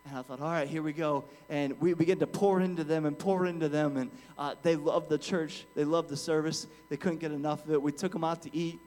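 A man preaching a sermon as a pastor in a church, telling a story quietly and then building to forceful, earnest preaching with frequent restarts. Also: a little high, steady tone, a little fast, few pauses. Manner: frequent restarts and "amen" asides. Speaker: guest pastor.

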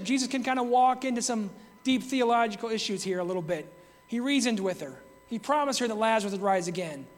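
Reflective high-voiced male preacher, hall echo. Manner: reflective, reads scripture aloud in King James wording. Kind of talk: devotional Bible teaching.

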